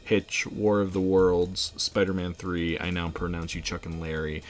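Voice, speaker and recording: A man co-hosting a podcast in casual chat, relaxed, with many fillers and frequent laughs. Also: sits low, moderate pace, faint music behind. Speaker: podcast co-host.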